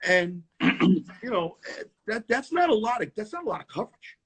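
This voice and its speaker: A tap dancer with a New York accent tells stories in a casual interview over a video call, animated and repeating words as he goes. His voice is high-pitched and husky, at a moderate pace.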